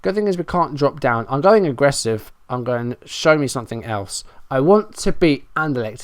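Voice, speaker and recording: A man's voice: fairly high pitch, very animated, moderate pace, hardly any pauses, clean tone, no room sound, studio quality. A man giving running play-by-play commentary on a football management game, frustrated and self-mocking. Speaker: gaming YouTuber.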